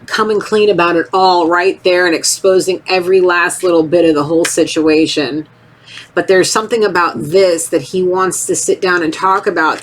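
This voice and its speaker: A woman talks through a tarot reading in a loose, rambling way. Her voice sits a little low, and she breaks into quick acted-out voices as she goes. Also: slight background noise. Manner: rambling, animated, acts out voices. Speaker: tarot reader. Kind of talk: casual tarot reading monologue.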